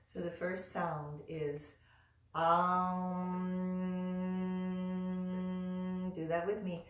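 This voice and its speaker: A patient woman leads a mantra pronunciation lesson, speaking very slowly in a lowish voice. She demonstrates each sound and chants along. The recording is roomy, with her a little away from the mic. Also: fairly even intonation, darkish tone, faint music behind. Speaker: mantra teacher. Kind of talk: slow guided pronunciation lesson. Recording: roomy echo, from a distance.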